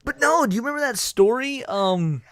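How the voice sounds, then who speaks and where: A man's voice: very high voice, animated, normal speed, fairly bright tone, no echo. A man co-hosting a late-night stream, joking around and reading chat messages aloud with frequent stammered restarts. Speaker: VTuber co-host.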